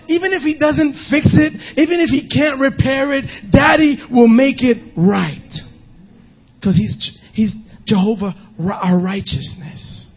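A male pastor preaching a sermon, emphatic, often shouting and half-singing his lines. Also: very high voice, slightly rough, highs cut off.

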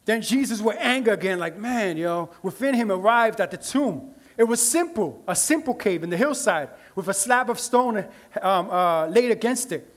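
A male pastor preaching a sermon in a loose, conversational way, checking in with "right?" and swinging from quiet murmurs to loud emotional bursts. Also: sits high, expressive, moderate pace. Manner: conversational preaching with frequent "right?" asides and restarts.

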